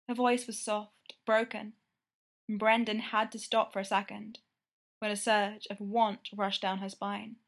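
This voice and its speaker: A woman narrating a romance story with steady, intimate storytelling. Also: medium pitch.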